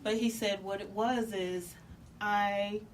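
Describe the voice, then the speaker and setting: A woman telling her own story in a halting, emotional way, with many pauses and restarts. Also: medium pitch, fairly even intonation. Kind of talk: personal storytelling. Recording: distant mic with faint background noise.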